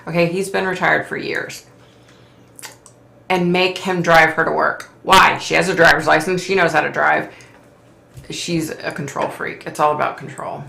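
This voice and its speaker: Woman, middle-aged, livestream host, sympathetic, sighing, bright edge. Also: sits low, fairly even intonation, moderate pace, creaky, roomy sound. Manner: sympathetic, sighing, reads viewer comments aloud. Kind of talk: casual live chat reading comments.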